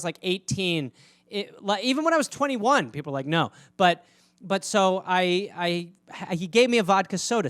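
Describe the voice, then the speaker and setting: Podcast host, man, high voice, rambling and profane, close mic, dry room. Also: a bit bright, dry recording. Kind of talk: casual comedic storytelling.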